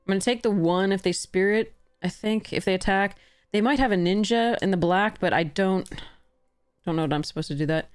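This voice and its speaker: A woman's voice: mid-range voice, brisk, clean tone, no echo, studio quality, soft background music. A woman streamer chatting casually as she plays a card game, laughing often and correcting herself. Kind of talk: casual commentary while playing a card game.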